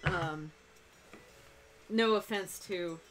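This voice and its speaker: A woman's voice: on the low side, drawn-out words, heavy background noise. A young woman with a faint Texan accent chatting casually on a live stream while she sews, rambling and breaking off mid-sentence. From Texas. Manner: chatty, rambling, self-interrupting with laughs. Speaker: cosplay streamer.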